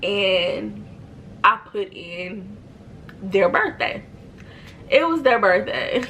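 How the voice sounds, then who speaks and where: A woman's voice: medium pitch, lively intonation, extremely slow, pushed and bright, slight background noise, rough recording. A young woman telling a personal story to her viewers in a chatty, slangy way. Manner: chatty, slangy, many fillers. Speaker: storytime vlogger. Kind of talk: casual storytelling.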